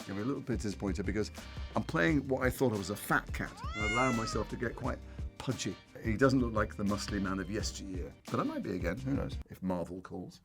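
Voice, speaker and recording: Male, sixties, jet-lagged; lively, wry, self-deprecating delivery, faint music behind. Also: mid-range voice, fast. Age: 60s. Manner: dry, sardonic, self-deprecating. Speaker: celebrity guest reading tweets. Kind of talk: wry reading-and-reacting chat.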